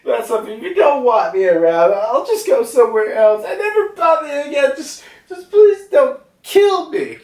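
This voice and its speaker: A man voicing a whiny, crying male living cloud that begs and wails in a squeaky falsetto. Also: very animated, normal speed, hardly any pauses. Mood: wailing. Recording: roomy, distant from mic.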